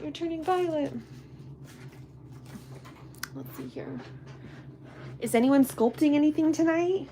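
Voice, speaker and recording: A woman in her thirties talks through a live crafting session in a casual, bubbly way, greeting viewers by name. She often drops into soft, half-whispered asides. Faint room noise sits behind her voice. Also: fairly high pitch. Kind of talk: casual live-stream chat while sculpting.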